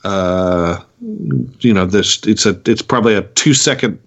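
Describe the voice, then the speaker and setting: A man co-hosting a podcast, talking in a halting, casual way with frequent restarts. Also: deep voice. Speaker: podcast co-host.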